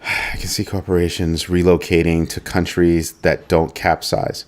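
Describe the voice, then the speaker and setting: Deep-voiced man musing through rhetorical questions. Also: level tone, unhurried. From United States. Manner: musing, asks rhetorical questions, reads chat aloud. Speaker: livestream host. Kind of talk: casual livestream commentary.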